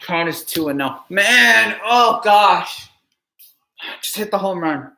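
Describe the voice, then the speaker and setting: A man anxiously reacting live to a ballgame, pleading and sighing heavily as the pitches come in. His voice is bright and edgy and swings widely in pitch. The room adds a noticeable echo. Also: lively intonation, takes it slowly, vocal fry. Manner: anxious, pleading, heavy sighs. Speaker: sports fan streamer. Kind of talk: live game reaction stream.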